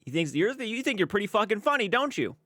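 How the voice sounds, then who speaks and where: A man's voice: sits high, big pitch swings, fast, sharp tone, no echo, clean studio sound. A man giving casual, blunt reaction commentary, exasperated and swearing freely.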